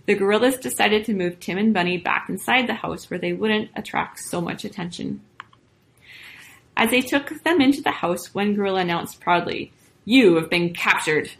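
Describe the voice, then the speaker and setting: Woman, storyteller, reading a children's story, expressive, lively. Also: medium pitch, normal speed, vocal fry, poor audio.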